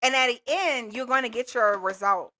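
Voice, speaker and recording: A woman runs a live call-in coaching stream, cheering her viewers on in loose, slangy talk. Her voice sits a little high and rings bright and forward. She keeps the energy up throughout. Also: moderate pace. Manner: upbeat, motivational, casual slangy talk. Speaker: business coach and livestream host. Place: Texas.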